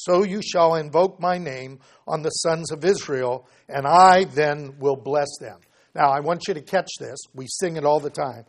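Man preaching with swings in volume. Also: a little high. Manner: preaching with sudden loud emphasis and quiet asides. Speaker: pastor. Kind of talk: sermon.

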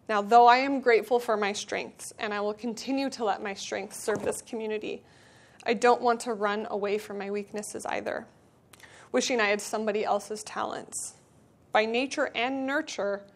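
Earnest woman giving a devotional talk. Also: medium pitch. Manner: earnest, conversational, with filler words. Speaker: speaker addressing a church community. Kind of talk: devotional talk and read-aloud storybook.

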